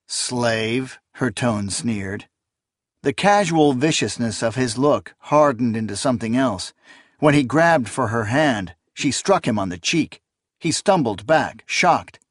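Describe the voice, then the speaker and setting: A man reads a story aloud with measured, dramatic pacing, his voice at an ordinary middle pitch. The recording is dry and close with no room sound, typical of audiobook narration. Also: dry recording. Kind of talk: scripted narration.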